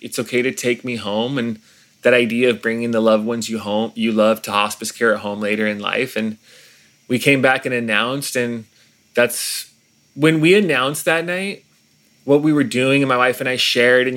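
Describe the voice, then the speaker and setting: A man, a pastor, talking in an earnest, reflective way during an interview, often pausing and restarting his sentences. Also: medium pitch, steady tone, a bit bright.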